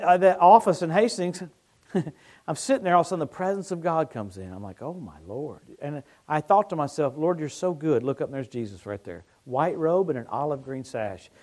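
A middle-aged man preaching a sermon, telling stories that swing from hushed tones to excited shouting. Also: a little high.

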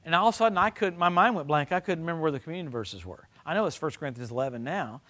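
An older man preaching a sermon, telling stories and swinging from loud excited bursts to low quiet stretches. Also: rapid-fire. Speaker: pastor.

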